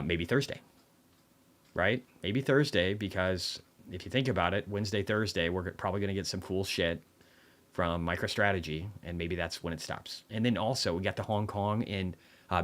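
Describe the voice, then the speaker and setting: A man's voice: deep voice, moderate pace. A man hosting a casual livestream market commentary, talking bluntly with plenty of swearing and dry sarcasm, rambling through asides and restarts. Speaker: livestream host reviewing markets.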